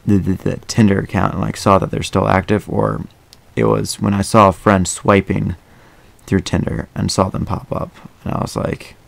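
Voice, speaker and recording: Young male podcast host, low gravelly voice, dry close sound, chatty and meandering. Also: flat delivery, normal speed, no echo. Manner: rambling, many fillers and restarts. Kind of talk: casual podcast chat.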